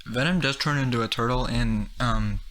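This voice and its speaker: A young man co-hosting a casual podcast chat, trading deadpan jokes and banter. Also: mid-range voice, moderate pace, low-quality recording. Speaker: podcast co-host.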